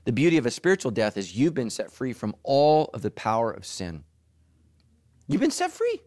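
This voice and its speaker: A middle-aged man preaching a sermon as pastor, animated, who leaps into high mocking voices for asides. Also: dry recording, studio quality.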